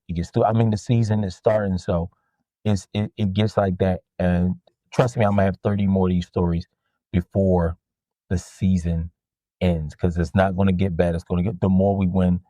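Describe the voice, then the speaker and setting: A man with a somewhat low voice rants casually about his customers, swearing freely and jumping up in pitch when he mimics them. The sound is dry and close, with no room around it. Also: no room sound, poor audio. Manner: animated, profane, mimics customers in a higher voice. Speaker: podcast host and jersey seller. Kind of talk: casual storytelling rant.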